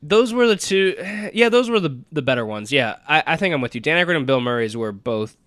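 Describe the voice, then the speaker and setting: A man's voice: a little high, sing-song, a little fast, fairly bright tone, no echo. Rambling casual man, dry sound. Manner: rambling with frequent restarts and swearing. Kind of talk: casual chat.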